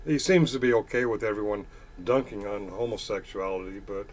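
A man's voice: fairly low pitch, a little fast, a little hiss or hum. A man reading chat comments aloud and answering them in a sarcastic, combative, profane rant. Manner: reads chat messages aloud and retorts. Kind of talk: casual ranting monologue.

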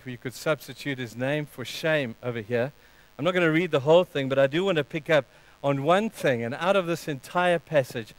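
Smooth-voiced preacher delivering a sermon. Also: male voice, medium pitch, no echo, rough recording. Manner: earnest, animated storytelling. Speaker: pastor.

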